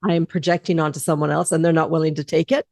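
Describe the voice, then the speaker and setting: A woman hosting a podcast in a casual, candid way, with a low voice that has a gravelly edge. The sound is close and dry, with no room around it. She talks bluntly and playfully with her guest. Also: level tone, rapid-fire, a little mellow, no echo. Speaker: podcast host. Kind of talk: casual interview chat.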